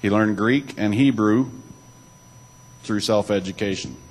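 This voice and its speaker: A man's voice: on the low side, a little slow, darkish tone, slightly rough, poor audio. A man giving a church talk, alternating between reading aloud and loose spoken asides, with occasional restarts. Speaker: church speaker.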